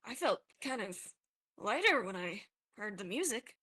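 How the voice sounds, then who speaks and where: A woman's voice: medium pitch, big pitch swings, unhurried, pushed and bright, husky, heavily acted. A woman voicing a friendly adventurer named Merrick at a tabletop game, who greets a bartender and stumbles over her words. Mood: polite.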